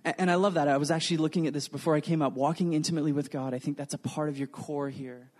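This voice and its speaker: A man preaching a sermon, earnest and animated, acting out the quotes in his stories. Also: fairly high pitch, racing. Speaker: pastor.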